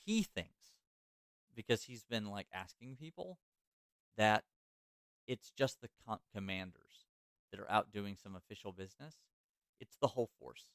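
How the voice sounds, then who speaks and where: A man's voice: fairly low pitch, animated, unhurried, pauses often, dry recording. A man hosting a podcast, telling a history story in a casual way with many fillers and restarts. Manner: loose, filler-heavy, self-correcting. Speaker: podcast host.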